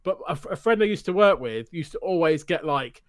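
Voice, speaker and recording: British male co-host, higher-pitched, animated and teasing, close dry recording. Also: brisk, dry recording. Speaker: podcast co-host. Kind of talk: casual chat.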